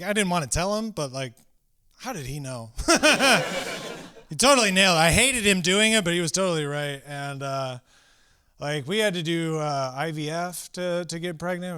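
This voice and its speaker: A man in his thirties doing a stand-up comedy set on a club stage, animated and breaking into shouted acted-out bits. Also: fairly high pitch, moderate pace, smooth. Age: 30s.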